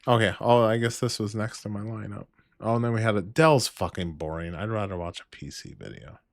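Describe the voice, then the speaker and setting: Low-voiced man mocking videos on stream. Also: no room sound, studio quality. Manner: mocking, swears, mutters asides. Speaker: livestream host reacting to videos. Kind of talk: crude reaction commentary.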